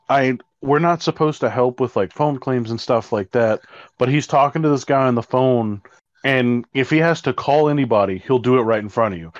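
A man's voice: medium pitch, no echo. Rambling exasperated man, dry dull sound. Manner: rambling, exasperated, swears freely. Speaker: co-host telling a work story. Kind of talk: casual chat. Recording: dry, slightly dull recording.

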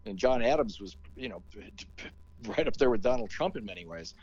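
A man's voice: on the low side, lively intonation, moderate pace, a little mellow, breathy edge, highs cut off. A man, a talk radio host, telling a story in a casual interview and acting out the quotes.

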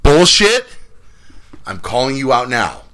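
A man's voice: sits low, lively intonation, brisk, bright, forceful tone. A man co-hosting a casual sports podcast, joking around and laughing often. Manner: laughs often, jokey, does voices from movies. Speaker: podcast co-host.

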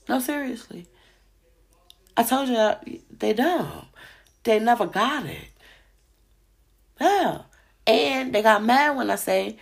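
A woman's voice: fairly high pitch, very animated, takes it slowly, creaky, pauses often. A woman host delivering a heated, profane monologue on her podcast, hammering rhetorical questions. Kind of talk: ranting monologue.

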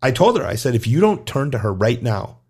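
A middle-aged man, a gymnastics coach co-hosting a podcast, telling lively stories in casual chat and acting out the voices of the people in them. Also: medium pitch, a little fast, breathy edge. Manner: animated, acts out quoted voices in his stories.

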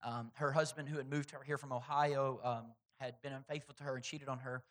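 A man preaching a sermon as pastor, swinging between loud, stressed points and quiet, hushed storytelling. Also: medium pitch, fairly even intonation, a little fast.

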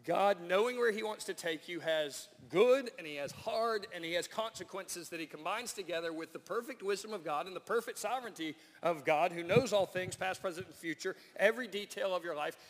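Pastor, man, high voice; emphatic sermon delivery in a reverberant church. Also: a little fast, few pauses. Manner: prayerful and hushed in prayer, then animated and emphatic when preaching. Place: church sanctuary.

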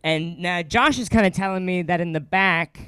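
A young adult man, a stand-up comedian, telling a story in casual chat with lots of fillers and quick laughs. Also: high voice, sharp tone, clear, resonant tone, no room sound, studio quality.

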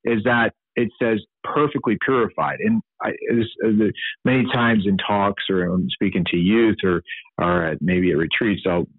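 A man's voice: fairly low pitch, normal speed, dry recording. A man hosting a Catholic teaching podcast, speaking earnestly off the cuff with many fillers and restarts. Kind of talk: unscripted teaching commentary. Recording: dry, phone-like sound.

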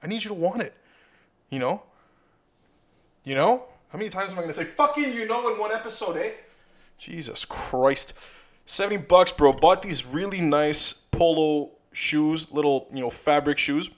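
Young man, podcast host, rambling, filler-heavy, swears, slightly high voice. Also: normal speed. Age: young adult. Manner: rambling, full of fillers and repeated "you know", swears freely. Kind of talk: casual solo podcast monologue.

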